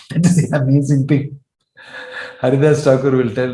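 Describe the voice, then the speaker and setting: A man's voice: medium pitch, flat delivery, unhurried, dark tone. Earnest male monk lecturing with echo. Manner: earnest, rhetorical questions, storytelling. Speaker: monk and spiritual teacher. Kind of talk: devotional lecture. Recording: roomy echo.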